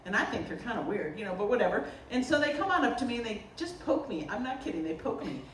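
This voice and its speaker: Woman, from Boston, artist talk, joking storyteller, lively pitch, roomy echo, distant mic. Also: quick pace, a little hiss or hum. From Boston area, US. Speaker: potter giving an artist talk. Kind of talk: humorous public artist talk. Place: lecture room at a festival.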